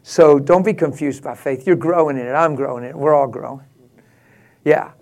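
A man preaching a sermon, rising to passionate, laughing exclamations and dropping to a hushed prayerful tone. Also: on the high side, moderate pace, vocal fry. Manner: drops to a hushed prayerful tone near the end.

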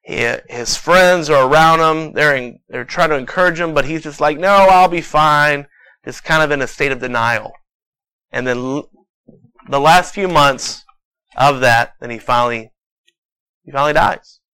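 A man's voice: medium pitch, moderate pace, pushed and bright, smooth, no echo, rough recording. A man preaching a sermon in a conversational, storytelling way, reading scripture and praying.

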